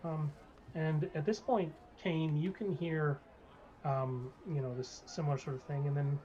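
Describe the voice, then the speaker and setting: A game master narrating a live-streamed tabletop game, hesitant with lots of pauses and restarts. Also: medium pitch, fairly even intonation, mellow, dull audio, slight background noise. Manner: hesitant, many ums and restarts.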